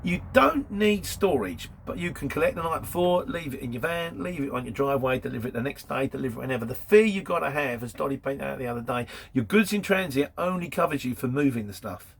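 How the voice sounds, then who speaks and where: A man's voice: medium pitch, animated, fast talker, gravelly, hardly any pauses, a little hiss or hum. A man, chatting casually in a Q&A about work as a courier driver and telling anecdotes. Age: 50s. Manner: chatty storytelling, laughs between anecdotes. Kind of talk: casual Q&A monologue.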